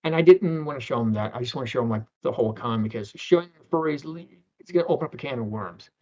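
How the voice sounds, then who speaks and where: A man's voice: medium pitch, expressive, fast talker, warm tone. A middle-aged man, a guest on an interview, telling anecdotes in a rambling way with many restarts and acted-out voices. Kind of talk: anecdotal storytelling. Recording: dull lo-fi sound.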